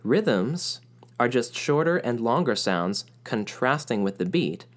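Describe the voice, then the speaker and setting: A man narrating a music lesson in a clear, explanatory way, now and then chanting rhythm syllables aloud. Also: lowish voice. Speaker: music teacher.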